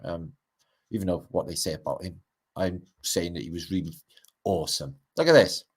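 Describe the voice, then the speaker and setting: A middle-aged Welshman hosts a livestream, his deep, husky voice moving at a normal speed. He rambles casually over pictures, dropping wry asides and casual swearing.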